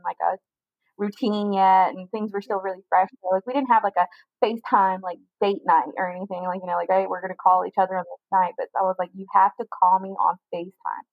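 A young woman telling a personal story in a casual interview, talking quickly with lots of "like" fillers. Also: mid-range voice, little pitch movement, vocal fry, dry recording, narrow, tinny audio. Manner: fast chatty storytelling with many "like" fillers. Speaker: guest telling her story.

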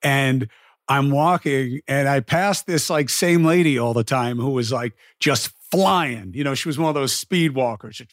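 A man's voice: mid-range voice, unhurried, no room sound, clean studio sound. A man hosting an interview, asking questions and telling stories in a chatty way full of fillers. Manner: chatty storyteller, lots of fillers. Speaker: interviewer host. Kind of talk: casual interview chat.

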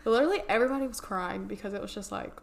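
A young woman in her twenties co-hosting a podcast, her voice sitting at an ordinary middle pitch for a woman. She chats loosely, breaks into laughter often and swears without hesitation as she tells a story. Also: rapid-fire, vocal fry. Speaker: podcast co-host, law student. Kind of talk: casual chat.

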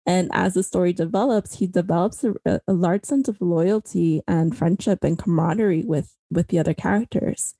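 A woman with a mellow, slightly husky voice co-hosts a relaxed anime chat. She sounds enthusiastic and laughs often as she talks. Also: fairly low pitch. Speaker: co-host. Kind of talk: casual anime discussion.

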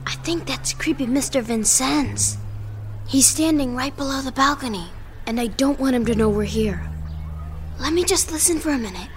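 A woman's voice: sits high, animated, normal speed, a little hiss or hum. A woman voicing a curious young girl private eye in an audio drama, talking to her cat. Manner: inquisitive, talks to her cat.

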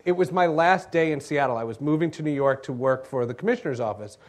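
A man talking as a podcast guest on a theatre stage, telling anecdotes in a lively way and laughing at his own punchlines. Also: mid-range voice, fast. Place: comedy theatre stage in front of an audience.

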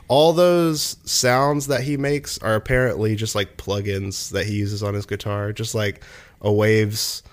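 A young man with a lowish voice talks a little slowly and in a steady tone during a casual conversation. He rambles at length about music production, full of fillers and restarts.

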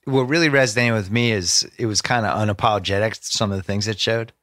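A man hosting a podcast, chatting casually in animated, long run-on thoughts. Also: lowish voice, quick pace, no room sound, clean studio sound. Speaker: podcast host. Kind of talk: casual interview chat.

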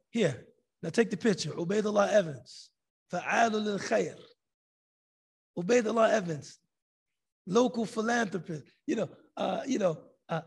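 A man teaching a religious class, telling a story in a lively way and acting out the people in it. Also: high voice, gravelly, husky. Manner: animated storytelling, acting out quoted voices.

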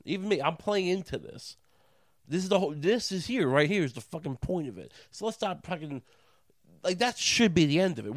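A man's voice: a little high, no echo. Profane ranting man, dry close sound. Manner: rapid-fire profane rant, stammering restarts, mocking quoted voices. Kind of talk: profane comedic rant.

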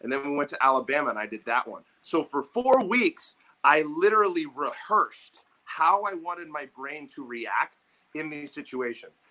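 A young man telling an animated, profane story in casual chat, acting out what people said to him. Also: fairly high pitch, normal speed, rough recording. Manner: animated, profane, acts out quotes. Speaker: podcast co-host, baseball coach.

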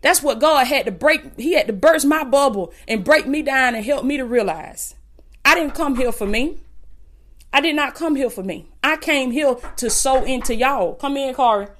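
A woman's voice: high-pitched, animated, normal speed, fairly bright tone. A woman with a Southern Alabama accent preaching fervently on her podcast from home, repeating lines and calling listeners "baby". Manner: impassioned, repetitive, calls listeners "baby".

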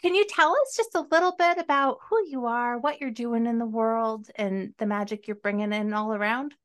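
A woman's voice: fairly high pitch, moderate pace. A woman hosting a podcast interview, introducing her guest and asking questions in an upbeat, encouraging way. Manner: upbeat and encouraging, with short affirming responses. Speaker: podcast host.

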